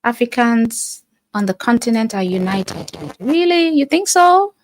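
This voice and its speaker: A woman's voice: a little high, big pitch swings, measured pace, a little hiss or hum. A woman from Nigeria hosting a live stream, speaking earnestly and repeating phrases for emphasis as she answers viewer comments. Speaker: live-stream host, life coach.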